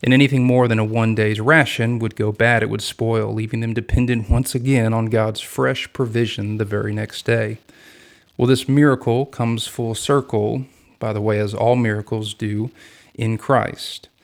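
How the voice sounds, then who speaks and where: A man hosting a daily podcast, reading scripture and explaining it in a measured, earnest way. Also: on the low side, steady tone, vocal fry. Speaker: podcast host and Bible teacher. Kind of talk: scripted devotional Bible teaching.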